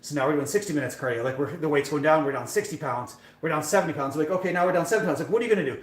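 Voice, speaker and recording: A man's voice: a little high, rapid-fire. A young man live-streaming, telling a rambling, self-deprecating story full of fillers. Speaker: fitness streamer. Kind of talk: casual live-stream chat. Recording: echoey room.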